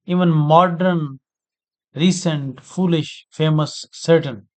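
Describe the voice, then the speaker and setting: A man teaching an English grammar lesson, speaking deliberately, repeating words and spelling out letters. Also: a little high, fairly even intonation. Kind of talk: slow spoken grammar lesson.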